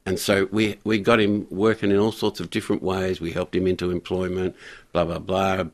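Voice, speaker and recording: An older man telling a story in a radio interview, halting with frequent restarts and fillers. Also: low-pitched, flat delivery. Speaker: guest, community pastor.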